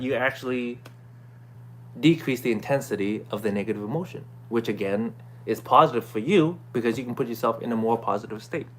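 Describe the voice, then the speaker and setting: Male vlogger, casual self-help recap, conversational, frequent "right?" and throat clearing. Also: mid-range voice, slight background noise. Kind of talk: casual talking-to-camera recap.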